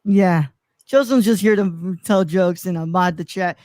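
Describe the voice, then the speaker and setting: A man's voice: high voice, measured pace, darkish tone, dry recording. A man co-hosting a live stream, chatting casually and rambling with lots of fillers. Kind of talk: casual chat.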